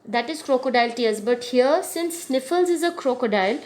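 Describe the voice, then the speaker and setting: A woman with a high voice reads a picture book aloud for children. She stops often to explain words, repeating herself patiently and checking that her listeners follow. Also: lively intonation, fairly quick, darkish tone. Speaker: teacher reading a storybook. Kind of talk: storybook reading with explanations for children.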